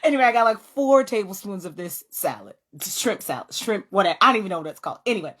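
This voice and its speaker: A woman hosting a faith-based talk, telling a personal story in an animated way and often laughing as she speaks. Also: medium pitch, fast. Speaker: host.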